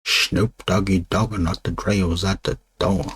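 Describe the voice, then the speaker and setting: Rambling through casual chat as he draws on stream, the illustrator speaks in a low, fairly flat voice, unhurried and a bit bright. He meanders with lots of fillers and restarts, over a slight hiss or hum.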